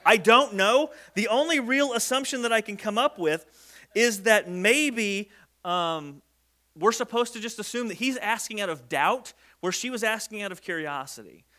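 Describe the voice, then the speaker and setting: A man's voice: high voice, sharp tone. A man preaching a conversational sermon, joking and acting out the people in the story. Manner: conversational, jokey, acts out quoted speech. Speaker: pastor.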